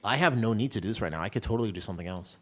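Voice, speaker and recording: A man chatting casually with his viewers while streaming a game, telling stories in an animated way. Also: on the low side, rapid-fire.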